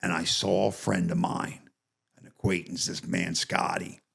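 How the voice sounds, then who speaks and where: Gravelly, rough-voiced guy in his 50s, telling his story as a podcast guest, kinda halting and rambly. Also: deep voice, little pitch movement, a bit bright. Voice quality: gravelly, husky voice. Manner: rambling, halting retelling with restarts. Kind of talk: personal testimony storytelling.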